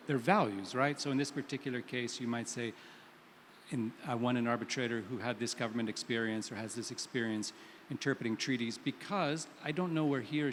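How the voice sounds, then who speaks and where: A man with a mid-range voice lays out his argument on a conference panel step by step. His voice rings in a long hall reverb over faint room noise. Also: medium pitch. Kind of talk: panel discussion.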